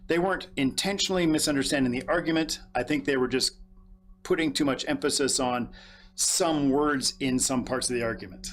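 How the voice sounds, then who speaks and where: A man's voice: mid-range voice, fairly bright tone. A man co-hosting a talk show, telling rambling self-deprecating stories with restarts and laughs. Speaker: co-host. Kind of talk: casual talk-show chat.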